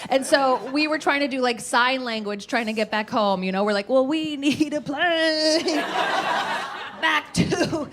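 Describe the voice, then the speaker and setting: A woman in her thirties performs stand-up on a club stage at a measured pace, her voice high-pitched. She's brash and profane and laughs through her punchlines, while the live recording picks up crowd noise and laughter.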